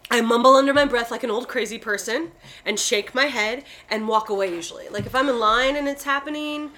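A woman hosting a casual podcast chat, swearing freely and telling animated stories. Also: fairly high pitch, fairly quick. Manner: profane, animated storytelling. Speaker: podcast host.

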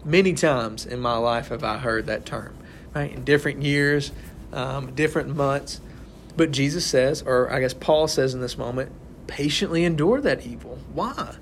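A young man leads a casual Bible study, giving an informal, conversational sermon to a small group and checking in with "right?" over and over. His voice sits at medium pitch with a moderate pace. There's a little hiss or hum.

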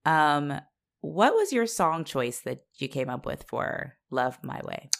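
A woman co-hosting a casual podcast recap, animated and laughing, acting out characters in quick voices. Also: sits low, creaky. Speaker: podcast co-host recapping a TV show. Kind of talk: casual chat.

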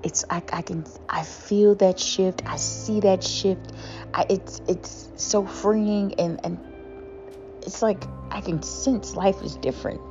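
A woman co-hosting a podcast, talking through her feelings in a halting, self-affirming way with many fillers. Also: medium pitch, fairly even intonation, a little mellow, dull audio, soft background music. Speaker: podcast co-host. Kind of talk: reflective podcast monologue.

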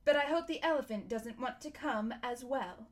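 A woman's voice: a little high, normal speed, lightly acted. A woman voicing a humble, simple-minded male horse in a storybook reading, with an eager, exclaiming way of talking. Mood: cheerful.

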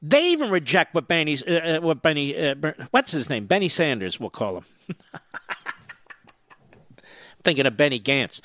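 A man's voice: fairly high pitch, big pitch swings, normal speed, long pauses, pushed and bright, slight background noise. A man hosting a talk radio show, delivering a sarcastic, mocking and combative opinion monologue into a studio microphone. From US East Coast.

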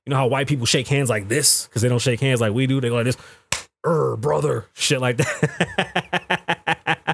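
A man in his thirties hosting a podcast, telling a story in a profane, animated way and acting out the people he quotes. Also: medium pitch, very fast, hardly any pauses. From United States. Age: 30s. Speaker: podcast host. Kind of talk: casual storytelling monologue. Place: podcast studio.

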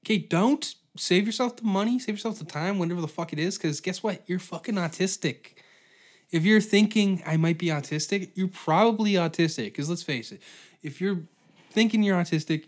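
A man hosting a podcast, ranting comedically with heavy swearing and laughing at his own jokes. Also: a little high. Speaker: podcast host. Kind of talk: comedic solo rant.

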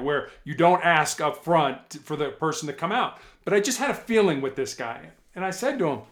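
A middle-aged man with a somewhat high-pitched voice tells stories from his years as a hostage negotiator. He is animated and slips into the voices of the people he talked to. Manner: animated, acts out both sides of conversations. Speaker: former police hostage negotiator, guest. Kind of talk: storytelling in a podcast interview.

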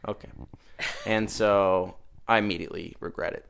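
Gravelly-voiced young man telling a story. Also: on the low side, normal speed. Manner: rambling, animated, gets loud when telling the punchline. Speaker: podcast host telling a story. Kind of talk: casual storytelling over beers. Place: garage.

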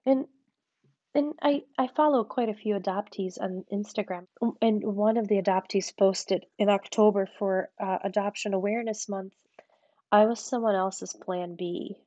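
A woman's voice: moderate pace, no room sound. Woman guest talking frankly, muffled dull audio, very dry. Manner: frank, animated storytelling with acted-out quotes. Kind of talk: candid conversational interview. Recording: muffled low-fidelity audio.

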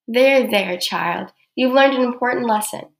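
A woman's voice: on the high side, measured pace, echoey room. A woman voicing a kindly old grandmother who fusses over her granddaughter. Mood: fond.

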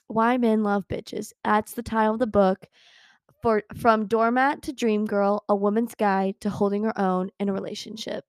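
A young woman hosts a casual talk show in a bubbly, chatty way and giggles as she goes. Her voice sits at an everyday middle pitch. It is recorded close and dry, with no room sound. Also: little pitch movement, normal speed, a little mellow, smooth, no room sound. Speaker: podcast host. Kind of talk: casual chat with book readings.

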